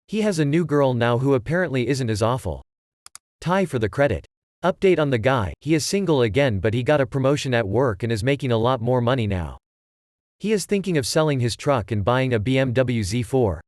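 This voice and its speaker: A man narrating Reddit posts in a flat, even reading voice. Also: mid-range voice, dry recording, clean studio sound.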